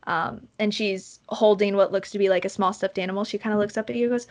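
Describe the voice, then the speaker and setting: A woman's voice: medium pitch, fairly even intonation, fast talker, hardly any pauses. A woman narrating a tabletop game as game master, rambling and hesitant with many ums.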